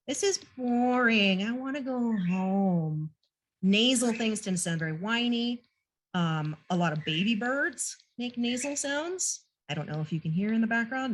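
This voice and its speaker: A woman's voice: mid-range voice, slight background noise. Woman explaining bird sounds casually. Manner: casual, self-deprecating explaining. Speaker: naturalist presenter. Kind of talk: online training talk. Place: home room with a pet bird nearby.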